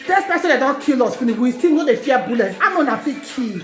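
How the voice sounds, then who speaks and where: Woman with a Nigerian accent, high voice, angry chanting rant, echoey room, music behind. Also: lively intonation, fast. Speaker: vlogger. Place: living in Italy.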